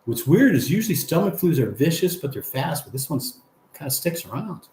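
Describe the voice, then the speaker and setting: A man's voice: on the high side, big pitch swings, fairly quick, darkish tone, reverberant. Chatty man hosting a live chat. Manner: friendly, rambling, reads comments aloud. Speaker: livestream host reading viewer chat.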